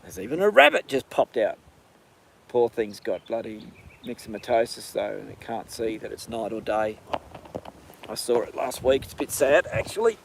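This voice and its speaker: A man's voice: medium pitch, big pitch swings, moderate pace, gravelly, slight background noise. Australian man ranting on a phone outdoors. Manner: ranting, then chatty with the horses. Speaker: livestream host. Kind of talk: casual live stream chat. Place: outdoors in a horse paddock.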